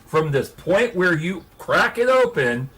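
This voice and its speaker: A man's voice: a little high, takes it slowly. A man telling a long story on a casual hangout stream, laughing and swearing as he goes. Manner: profane, laughing, animated storyteller.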